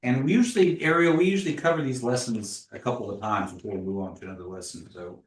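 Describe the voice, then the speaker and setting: A man's voice: medium pitch, fast talker. A man teaching a language class in a casual way, patiently modeling pronunciation and telling stories. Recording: echoey room, voice from a distance.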